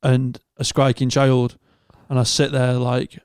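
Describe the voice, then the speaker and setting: A young adult man with a Northern English accent, co-hosting a podcast and telling sweary, animated stories in casual chat. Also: medium pitch, unhurried, clear, resonant tone, dry recording, clean studio sound. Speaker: podcast co-host.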